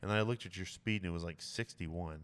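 A man's voice: low voice, quick pace, a bit bright, clear, resonant tone. A young man co-hosting a casual podcast, stammering and restarting as he chimes in. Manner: stammering, chuckling sidekick. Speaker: podcast co-host.

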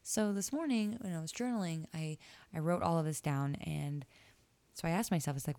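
A young woman hosts a casual solo podcast, candidly recounting a dream and reflecting on it in a personal way. Her voice is deep and a little mellow, at a moderate pace, with no echo.

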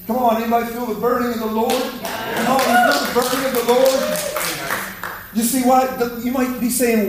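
A man's voice: very high voice, moderate pace, background noise. A man preaching a fiery sermon in a church, exhorting the congregation and calling for their response. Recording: echoey hall, mic from far off.

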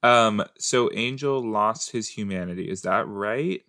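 A man's voice: fairly low pitch, measured pace, pushed and bright. A man hosting a podcast and giving playful, rambling commentary as he rewatches a show. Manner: playful, rambling, self-mocking. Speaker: podcast host.

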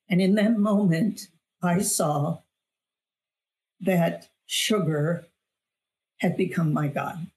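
A woman's voice: lowish voice, takes it slowly, long pauses, a little mellow. Earnest middle-aged woman telling her story. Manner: earnest, emphatic storytelling with repeated phrases. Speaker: guest, author and weight loss coach. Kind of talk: conversational testimony in an interview.

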